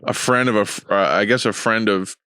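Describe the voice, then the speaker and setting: A man's voice: fairly low pitch, steady tone, fairly quick, sharp tone, clear, resonant tone, dry recording, studio quality. A young man hosting a podcast, telling stories in a rambling, profane, casual way with lots of fillers. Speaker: podcast host. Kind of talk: casual chat.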